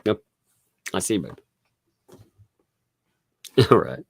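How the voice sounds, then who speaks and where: A man talks casually from home to his livestream audience, laughing often. His voice is very deep and gravelly, and it moves up and down a lot. The sound is close and dry. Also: sing-song, slow, dry recording. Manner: chatty, laughs often between phrases. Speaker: livestream host. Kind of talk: casual live commentary.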